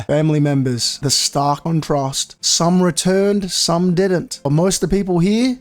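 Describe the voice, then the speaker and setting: A man hosting a live comic-chapter reaction, joking and hyped, slipping into quick voices. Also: high-pitched, a little mellow. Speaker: manga reviewer, YouTuber.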